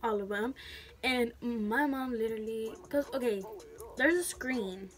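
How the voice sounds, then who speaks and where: A woman's voice: fairly high pitch, a little slow, over music. A young woman telling a story frankly and casually, full of slang and swearing. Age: young adult. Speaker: vlogger.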